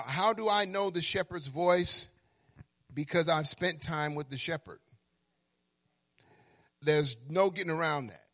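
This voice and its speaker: A man preaching a sermon in an animated way, acting out little dialogues, stammering into restarts and swinging between hushed and loud phrases with a sing-song lift. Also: high-pitched.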